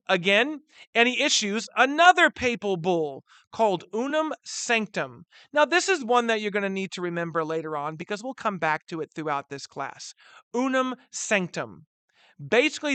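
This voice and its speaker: A man teaching a history lesson in a recorded lecture, chatty and animated, calling his students guys and dropping slangy asides. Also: high-pitched, dry recording.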